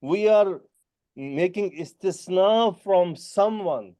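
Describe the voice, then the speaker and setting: A man's voice: sits high, mellow. A male teacher with non-native English, giving a Quran grammar lesson and quizzing students by name. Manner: questioning students by name, explaining terms slowly.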